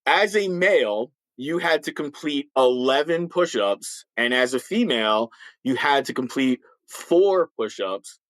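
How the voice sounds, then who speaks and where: A retired police officer in his fifties tells blunt, emphatic stories in a candid interview, repeating words as he starts sentences and restarting often, with a slight lisp. His medium-pitched voice is fairly bright and a little slow, with lively intonation. The recording is low quality, without echo.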